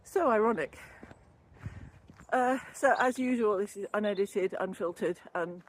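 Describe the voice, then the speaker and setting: On a walk beside a canal, an older woman talks at a moderate pace with a medium-pitched voice, slightly out of breath. Formerly a yoga teacher trainee and now a wellbeing vlogger, she rambles and laughs easily in casual chat about wellbeing, recorded on a camera or phone mic with a little hiss or hum.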